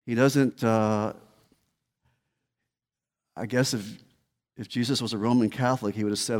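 A man's voice: mid-range voice, steady tone, measured pace, long pauses, a little mellow. A man preaching a sermon as pastor, emphatic and repeating key words. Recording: long hall reverb.

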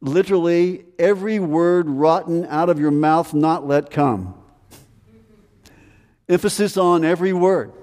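Slow, emphatic male preacher in a reverberant hall. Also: a little high, a little mellow. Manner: earnest, emphatic preaching with repeated commands. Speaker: pastor. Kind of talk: sermon.

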